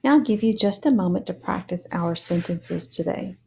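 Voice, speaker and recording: A woman's voice: fairly low pitch, normal speed, vocal fry, a little mellow, a little hiss or hum. A woman teaching a reading lesson, spelling words letter by letter and sounding out syllables. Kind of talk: slow, deliberate reading lesson.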